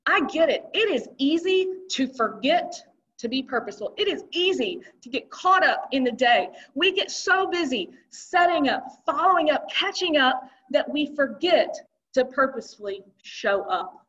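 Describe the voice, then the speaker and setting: Woman keynote speaker, high pitch, conversational and emphatic, lo-fi sound. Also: animated, moderate pace, fairly bright tone, recorded from a distance. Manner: conversational, rhetorical questions, emphatic. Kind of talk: live motivational talk. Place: event hall with audience. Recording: dull lo-fi recording.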